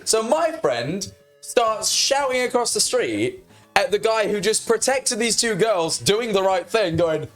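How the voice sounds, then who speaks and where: A young man telling a story loudly and excitedly as the host of a casual stream, swearing freely. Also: high-pitched, a little slow, soft background music. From United Kingdom. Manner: loud, animated storyteller who swears freely. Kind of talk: casual chat.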